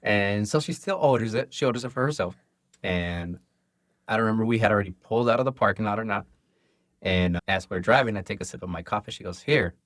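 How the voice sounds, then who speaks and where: A man with a fairly low voice chats in an interview as a restaurant owner and cook. He tells stories with energy and acts out bits of dialogue. The sound is dry and close. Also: fast, no room sound. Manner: animated storyteller acting out dialogue. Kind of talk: casual interview chat.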